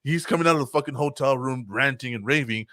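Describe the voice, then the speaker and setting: Man, podcast co-host, casual profane storytelling, mid pitch, dry close sound. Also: fast talker, dry recording. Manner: profane, animated, acts out voices in anecdotes.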